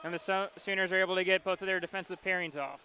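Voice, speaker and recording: Bright, high-pitched hockey play-by-play man. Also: steady tone. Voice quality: quick, rhythmic calling of the action. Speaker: play-by-play announcer. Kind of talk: live hockey play-by-play commentary.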